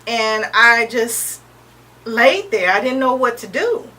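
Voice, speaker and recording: A woman in her thirties, an interview guest sharing a personal testimony in a halting, earnest way, often pausing with "um" and restarting. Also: on the high side, animated, pushed and bright. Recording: distant mic with faint background noise.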